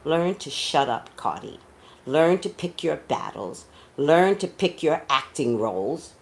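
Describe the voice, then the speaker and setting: A woman delivers blunt, scolding commentary on celebrities, her voice low and gravelly. Her pitch swings widely as she lectures, emotional and outspoken. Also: very animated, unhurried. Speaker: psychic commentator.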